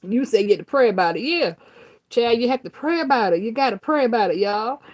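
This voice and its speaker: A woman's voice: fairly high pitch, animated, fairly quick. A woman tarot reader chatting casually with viewers, brash and profane, laughing often.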